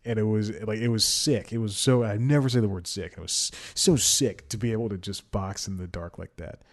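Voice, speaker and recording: A man's voice: fairly low pitch, fairly even intonation, a little fast. A young man hosting his own podcast, chatting casually and rambling, often laughing at himself. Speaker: podcast host. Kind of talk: casual solo podcast chat. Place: home in a storm-hit city.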